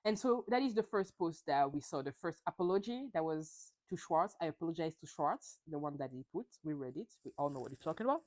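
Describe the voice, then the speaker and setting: Animated woman recapping reality TV. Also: fairly quick, hardly any pauses. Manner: animated, opinionated, acts out quotes with big swings in pitch. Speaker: podcast host.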